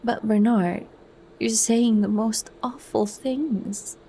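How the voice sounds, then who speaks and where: A woman's voice: on the high side, steady tone, slow, mellow, slight background noise, voice pushed up, rough recording. A woman voicing an anxious, pleasure-loving young woman who pleads in distress, as whispered role-play.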